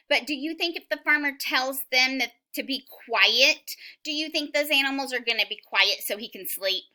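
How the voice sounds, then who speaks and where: Woman teacher reading a picture book to little kids, really bright piercing voice, slow and sing-songy. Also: high-pitched. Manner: animated, questioning, sing-song teacher talk. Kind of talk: reading a picture book aloud to young children.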